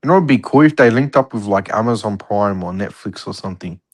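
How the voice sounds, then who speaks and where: Laid-back Australian man, lively pitch. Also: fast talker. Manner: laid-back, rambling, slangy. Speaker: podcast co-host. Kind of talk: casual chat.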